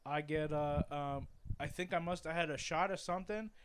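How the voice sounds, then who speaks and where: Rambling young man, slightly high voice. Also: moderate pace, noisy background. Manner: rambling, self-correcting storyteller. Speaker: podcast co-host. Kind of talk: casual chat.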